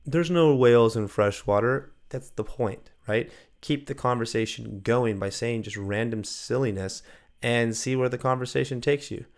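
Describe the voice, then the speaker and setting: A man giving a casual employee training talk on coaching gymnastics, animated and acting out the lines he quotes. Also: medium pitch, normal speed.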